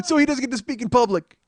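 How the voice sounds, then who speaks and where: On a podcast mic, a male podcast host with a very high-pitched voice tells a road story in a solo monologue. He swears freely and is animated, acting out what people said. The recording is dry.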